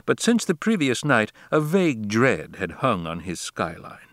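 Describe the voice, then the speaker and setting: A man narrating a classic novel as an audiobook, in a measured, deliberate reading style. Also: mid-range voice, huge pitch swings, fairly bright tone, no room sound, clean studio sound.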